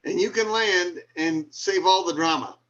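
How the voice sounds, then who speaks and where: A man's voice: high-pitched, a little slow, fairly bright tone. Wry storytelling man over muffled call audio. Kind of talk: live talk show, storytelling.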